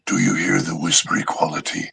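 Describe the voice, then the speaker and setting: A man doing Kurama, a raspy demon fox. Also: deep voice, big pitch swings, brisk, a crowd in the background, voice pushed down, full character voice. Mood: menacing. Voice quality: raspy, gravelly friction with whispery edge. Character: growling nine-tailed demon fox, male, menacing.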